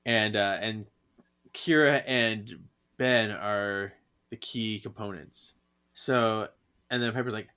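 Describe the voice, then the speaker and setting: A man's voice: fairly low pitch, steady tone, slow pace, long pauses, sharp tone, smooth. A man co-hosting a podcast, casually retelling a comic issue and acting out the characters' lines in raised voices, laughing often. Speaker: podcast co-host.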